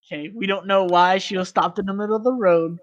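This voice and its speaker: A man's voice: high-pitched, steady tone, fast talker, dull audio. Rambling man telling a story. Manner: rambling, filler-heavy storytelling. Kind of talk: casual storytelling chat.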